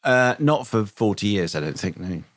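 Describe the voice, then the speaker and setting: A man's voice: on the low side, very animated, normal speed, a bit bright, dry recording. A male co-host chatting loosely, with a wry, self-deprecating way of telling a story. His voice sounds worn and tired, as if about to give out. The recording is close and dry, with no room sound. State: voice tired and failing. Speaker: podcast co-host, radio presenter. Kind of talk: casual chat.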